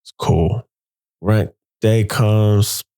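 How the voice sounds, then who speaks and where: Man, podcast host, storytelling, gravelly, mellow dark tone, animated, cusses. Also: on the low side, drawn-out words. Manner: animated, profane, acts out quotes. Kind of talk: personal storytelling.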